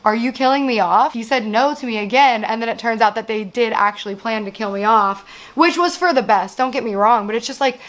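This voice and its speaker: A woman's voice: on the high side, a little fast, hardly any pauses, fairly bright tone. A woman in her thirties telling a long personal story as host, rambling with lots of "like" and swearing, exasperated as she vents. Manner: rambling, frequent "like" and profanity, exasperated venting. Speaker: show host. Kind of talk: candid storytelling monologue.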